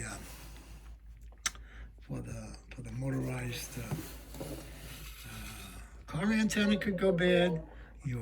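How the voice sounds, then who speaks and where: Male puppeteer, casual how-to talk, halting and rambling delivery. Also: a little high. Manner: rambling, many fillers and restarts.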